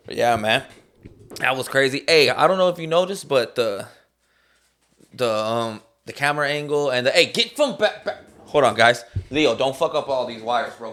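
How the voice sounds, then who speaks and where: A man's voice: medium pitch, expressive, moderate pace, fairly bright tone. A man hosting his own podcast from a room at home, chatting loosely in slang and telling stories. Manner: loose, slangy, storytelling with acted-out quotes. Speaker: podcast host. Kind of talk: casual chat.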